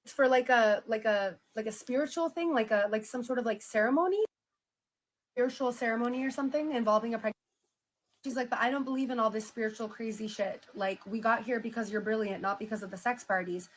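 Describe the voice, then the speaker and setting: A woman's voice: a little high, a little fast, slight background noise, rough recording. A woman giving casual reaction commentary, chatty and full of "like" fillers as she retells a story. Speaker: commentator reading a memoir aloud.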